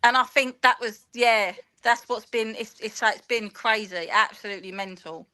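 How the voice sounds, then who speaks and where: A woman in her thirties with a bright, clear voice, pitched a little high. She talks in an animated, rambling way and acts out each quoted exchange as she tells her story to an interviewer. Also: normal speed. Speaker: guest, football fan and teacher.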